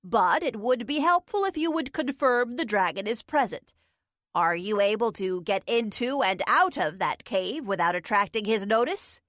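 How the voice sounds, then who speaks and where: A woman's voice: mid-range voice, lively intonation, normal speed, a bit bright, dry recording, lightly acted. A woman voicing an aloof male wizard who speaks in a dry, formal, bored way.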